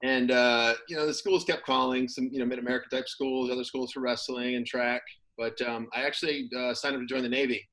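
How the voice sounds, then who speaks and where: A man's voice: medium pitch, fairly quick, rough recording. A man, a former pro football player, talking casually as an interview guest, rambling with plenty of fillers. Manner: relaxed, rambling with many fillers.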